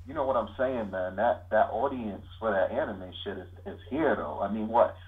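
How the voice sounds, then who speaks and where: A man calling in to a stream, talking in a relaxed, slangy way. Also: on the low side, normal speed. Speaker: caller. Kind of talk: casual phone call. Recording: tinny, glitchy phone line.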